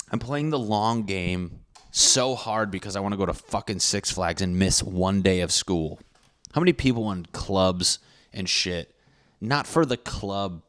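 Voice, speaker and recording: A young man hosting a podcast, telling a profane, rambling, self-mocking story in a casual monologue. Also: fairly low pitch. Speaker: podcast host.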